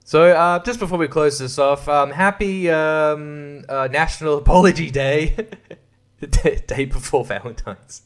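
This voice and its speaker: A man's voice: a little high, unhurried, clean tone. Crude, laughing man. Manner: crude, irreverent, laughs at his own jokes. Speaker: podcast host. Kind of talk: casual comedic monologue.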